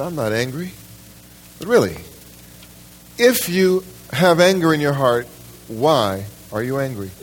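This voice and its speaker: At a church service, a male pastor preaches emphatically in a lowish voice, often restarting his words and putting questions directly to the congregation. A little hiss or hum can be heard.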